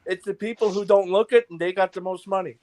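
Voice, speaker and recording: A man's voice: sits high, steady tone, fast, a little mellow. A man, a guest tradesman chatting casually in folksy plain sayings. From New York. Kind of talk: casual chat.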